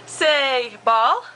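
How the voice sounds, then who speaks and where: A woman's voice: high voice, background noise. A mother in a home video, coaxing her toddlers to repeat words in a sing-song, prompting way.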